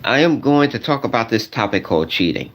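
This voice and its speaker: A man delivers a stand-up rant straight to the crowd, circling back over the same phrases. His voice stays around a middle pitch but leaps sharply upward whenever he gets indignant, then drops back low and grumbling. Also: animated, a little fast, fairly bright tone. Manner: repetitive, exasperated, voice jumping high when indignant.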